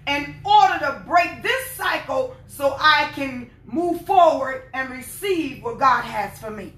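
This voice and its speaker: A woman preaching a sermon, swinging from soft, quiet lines to impassioned shouting. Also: high-pitched, lively intonation, slow, a little hiss or hum.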